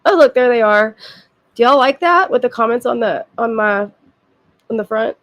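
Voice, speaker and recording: A woman's voice: a little high, lively intonation, normal speed, a bit bright. Sniffly, chatty woman streaming. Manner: blunt, profane, chatty with frequent asides. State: sick with a cold, sniffling. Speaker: livestream host. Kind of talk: casual chat with live chat viewers.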